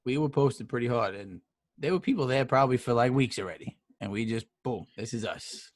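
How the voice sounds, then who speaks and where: A man's voice: medium pitch, animated, a little fast, no room sound. Teasing New man, dry close sound. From New York. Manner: joking, teasing banter. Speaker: podcast co-host. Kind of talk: casual chat.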